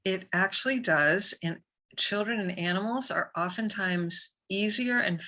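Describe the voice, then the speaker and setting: A woman guest on a podcast, an energy healer telling a story in a lively, conversational way. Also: medium pitch. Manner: animated, vivid storyteller.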